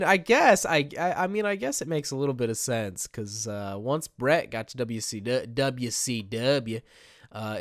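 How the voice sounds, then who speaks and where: A man's voice: mid-range voice, dry recording, studio quality. A man giving casual, rambling gameplay commentary at his computer setup. He talks in a chatty, self-mocking way. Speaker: gaming video creator.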